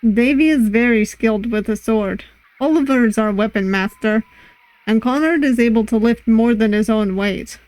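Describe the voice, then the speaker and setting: A woman voicing a shy, reserved masked ship's doctor in an amateur Russian accent, speaking formally and haltingly. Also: on the high side, darkish tone, no room sound, close to an everyday voice, low-quality recording.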